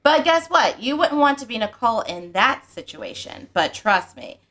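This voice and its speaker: A middle-aged woman hosting a family book channel, chatting and retelling a story in an animated way. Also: fairly high pitch, moderate pace. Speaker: book channel host and mother. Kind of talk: casual family chat.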